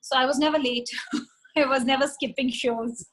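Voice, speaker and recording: A woman's voice: sits high, fairly even intonation, moderate pace, fairly bright tone, poor audio. A woman, chatting as an interview guest and retelling old stories with quoted voices. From India. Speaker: interview guest, former model. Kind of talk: casual storytelling.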